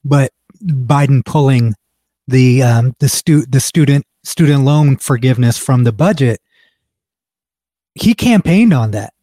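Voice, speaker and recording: A man's voice: medium pitch, lively intonation, measured pace, mellow, no echo, clean studio sound. A man co-hosting a podcast in casual chat, speaking bluntly and emphatically and swearing freely. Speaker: podcast co-host.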